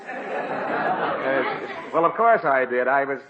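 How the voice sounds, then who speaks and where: An actor playing a blustery, excitable father who stammers, in a 1950s radio sitcom. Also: medium pitch, takes it slowly, a loud crowd, heavy background noise. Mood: sheepish. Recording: dull 1950s radio recording.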